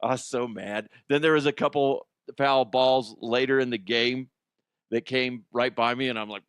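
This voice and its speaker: A man's voice: medium pitch, steady tone, moderate pace, fairly bright tone, smooth, no echo, studio quality. A middle-aged man hosting a solo comedy podcast, rambling and self-mocking as he tells stories and laughs at his own jokes. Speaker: podcast host.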